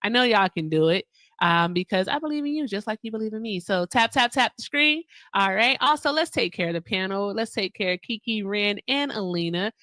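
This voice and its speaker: A woman runs a live stream in a blunt, lively way, laughing often and hyping her viewers. Her voice sits mid-range for a woman. The sound is dry and close. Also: mid-range voice, brisk, no room sound. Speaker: livestream host. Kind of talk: casual live-stream chat and debate.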